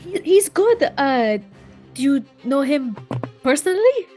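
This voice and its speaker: High, slow-speaking woman at a game table. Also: big pitch swings, dark tone, faint music behind. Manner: polite, giggly, apologetic. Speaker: player. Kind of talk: playing a character in a tabletop game.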